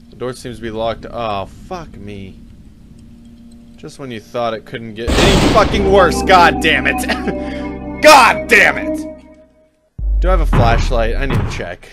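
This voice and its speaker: A man's voice: mid-range voice, expressive, measured pace, long pauses. A man hosting a casual let's-play of a horror game, jumpy and self-mocking, swearing often. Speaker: YouTube gameplay host. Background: horror game music.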